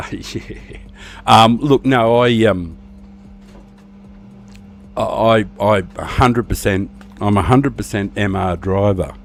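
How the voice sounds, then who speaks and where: Deep-voiced Australian man streaming a racing game. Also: takes it slowly, creaky, a little hiss or hum. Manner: rambling, relaxed, hesitant. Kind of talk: casual live-stream chat.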